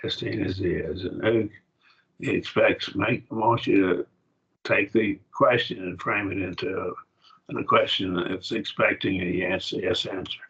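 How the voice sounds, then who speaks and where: A man teaching a Bible Greek grammar class over a video call, explaining slowly and asking his students questions. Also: low-pitched, steady tone, fairly bright tone. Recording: dull lo-fi call audio.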